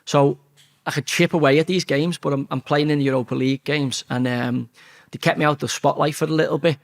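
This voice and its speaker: A man's voice: on the high side, brisk, vocal fry. Swearing Scouse man telling stories. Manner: swears freely, lively anecdotes with acted-out quotes. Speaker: interview guest, former footballer. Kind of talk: casual storytelling interview.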